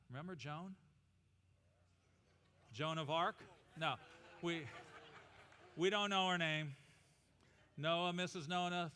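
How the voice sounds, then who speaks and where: A male pastor preaching an animated, humorous sermon and leading the congregation in call-and-response. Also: on the high side, smooth. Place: church auditorium. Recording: reverberant church hall.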